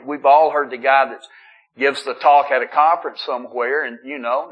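Middle-aged man giving a testimony at a meeting; husky, slightly high, chatty, trips over his words. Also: a bit bright, rough recording. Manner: conversational storytelling with self-deprecating humor; frequent restarts and stammering. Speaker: recovery meeting speaker. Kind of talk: personal testimony talk. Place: meeting room.

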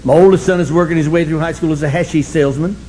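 An older man sharing his story at a recovery meeting, sardonic and humorous, breaking into shouts. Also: on the high side, racing, slight background noise, low-quality recording. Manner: animated, sardonic, bursts into shouting.

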